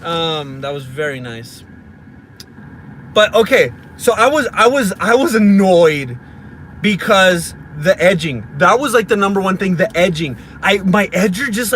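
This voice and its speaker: Expressive man vlogging from his car. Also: high voice, unhurried, rough recording. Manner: expressive, dramatic self-mocking storytelling. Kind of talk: casual car vlog. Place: inside a car. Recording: car and street noise.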